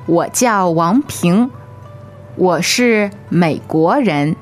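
A woman modelling phrases slowly and clearly as a co-teacher in a podcast lesson. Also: on the low side, expressive, faint music behind. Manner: slow, clearly enunciated. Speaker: language teacher. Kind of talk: slow model pronunciation.

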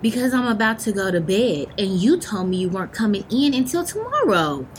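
A woman playing a sassy, outspoken young adult with a drawling, expressive delivery. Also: a little fast, slight background noise, close to an everyday voice. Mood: scolding. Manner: sassy and outspoken, swinging between drawl and high exclamations.

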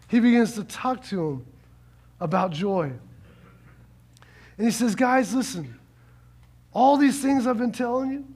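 Preaching with a very high voice, this pastor is animated and theatrical, voicing quotes himself. He hammers words through repetition and moves from soft, slow passages to loud shouting.

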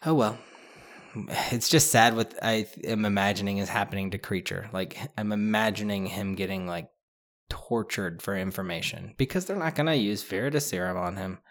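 A man with a fairly low voice talks through a book in loose, casual chat. He rambles and restarts often, leaning on fillers, then lifts into animated bursts. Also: normal speed. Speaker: podcast co-host discussing a book.

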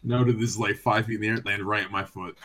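A man who is a guest on a casual podcast, speaking bluntly with deadpan quips and casual swearing. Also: fairly low pitch, fast, background noise. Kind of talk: casual chat.

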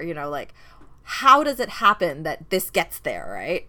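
A woman's voice: lowish voice, big pitch swings, normal speed, sharp tone. A woman co-hosting a film podcast, chatting casually with frequent laughs and restarts. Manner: chatty, laughs often, many fillers and restarts.

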